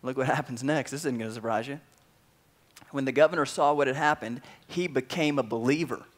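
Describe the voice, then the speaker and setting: A man pastor preaching a sermon, telling a story in a casual, animated way with everyday slang. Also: mid-range voice, a little fast.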